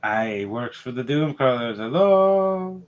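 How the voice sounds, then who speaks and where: A man's voice: medium pitch, animated, slow. A man voicing a timid, demon-looking female character who pleads earnestly to be let through a door. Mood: pleading.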